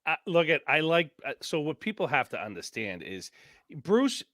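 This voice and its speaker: A man telling stories on a podcast as a guest, animated and rambling, acting out quotes. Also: on the high side, normal speed, no room sound, studio quality. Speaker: podcast guest, former contestant. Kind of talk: casual storytelling chat.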